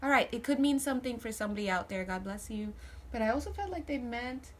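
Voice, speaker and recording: A woman's voice: fairly high pitch, lively intonation, fast talker, slight background noise. A woman giving a casual spiritual tarot reading to camera, chatty and joking with viewers, often restarting her sentences. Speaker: tarot reader.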